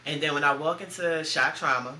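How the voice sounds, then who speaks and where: A woman in her thirties hosts a podcast, recounting a painful personal story in a blunt, profane, raw way. Her low voice runs a little fast and sounds pushed and bright, with roomy echo and faint background noise.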